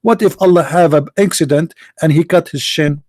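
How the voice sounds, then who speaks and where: A man with a fairly high voice hosts a live religious debate stream. He speaks sarcastically and taunts opponents by name, recorded dry and close with no room sound. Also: normal speed, a little mellow, dry recording. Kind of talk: mocking live-stream polemic.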